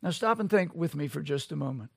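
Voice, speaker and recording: A man's voice: fairly high pitch, lively intonation, creaky, darkish tone, slightly rough, no room sound. A man preaching a sermon as pastor, emphatic and full of rhetorical questions. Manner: emphatic, rhetorical questions, slow deliberate delivery.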